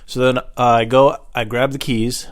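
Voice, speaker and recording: A man's voice: medium pitch, level tone, normal speed. A man hosting a comedy show, telling a casual, rambling and self-deprecating comic monologue.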